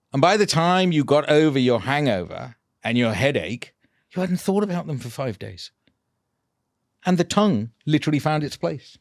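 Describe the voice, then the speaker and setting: A man, a dental implant clinician telling a patient story in a casual, animated way, laughing often. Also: fairly high pitch, moderate pace, creaky, no echo, studio quality.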